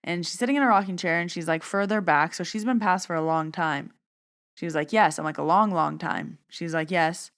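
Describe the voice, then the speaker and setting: Low, smooth-voiced woman telling a story. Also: brisk, a bit bright. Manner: chatty, retells dialogue with "I was like". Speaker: podcast host recounting a mediumship reading. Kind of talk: casual storytelling monologue.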